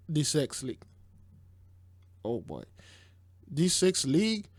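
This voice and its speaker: A man's voice: mid-range voice, expressive, measured pace, a little mellow, dry recording. A man hosting a casual commentary, rambling, stumbling over words and exclaiming as he reacts to news clips. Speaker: host.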